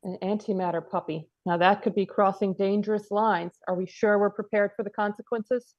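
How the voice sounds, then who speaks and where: A woman's voice: mid-range voice, fairly even intonation, fairly quick, darkish tone, dull audio. A woman performing in an improvised comedy scene, playing her characters up theatrically.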